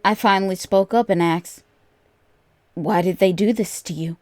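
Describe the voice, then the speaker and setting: A woman narrating a first-person horror story in a measured, deliberate way. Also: medium pitch, darkish tone, no echo.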